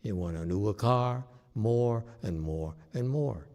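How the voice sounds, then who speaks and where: Slow gravelly male dharma teacher. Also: fairly low pitch, lively intonation, a little mellow. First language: Chinese. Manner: slow, plain-spoken, repeats "okay?". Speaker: Chan meditation teacher. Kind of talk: dharma talk. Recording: long hall reverb.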